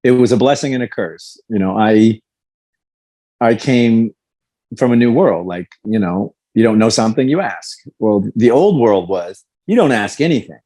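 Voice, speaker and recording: A man's voice: lowish voice, expressive, moderate pace, mellow. A man in his fifties, a guest in a podcast interview, telling his story candidly and animatedly, acting out quoted lines. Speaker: guest, former fighter.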